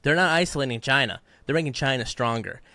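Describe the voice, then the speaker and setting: A man's voice: mid-range voice, animated, fast talker, pushed and bright, no room sound. A man co-hosting a podcast, fired up and ranting in heated political commentary, mocking the people he quotes. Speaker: podcast co-host.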